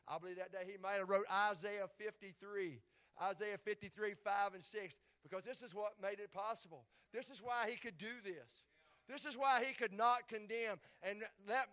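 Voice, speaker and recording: A pastor preaching a sermon with fervor, often repeating his words and building up to loud peaks. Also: high-pitched, fairly quick.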